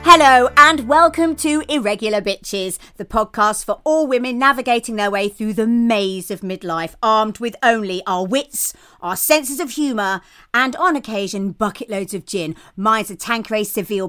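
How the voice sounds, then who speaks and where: A woman's voice: on the high side, expressive, moderate pace, bright, forceful tone, clear, resonant tone. A woman in her fifties from England, hosting a podcast in a bubbly casual chat, laughing often and swearing freely. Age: 50s. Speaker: podcast host.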